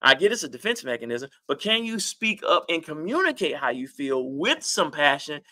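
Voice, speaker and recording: Middle-aged guy on a live advice stream, fired up and preachy, bright forceful voice. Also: on the high side, normal speed. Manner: passionate, animated preacher-like delivery. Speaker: relationship advice host. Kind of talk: livestream talk reading viewer comments.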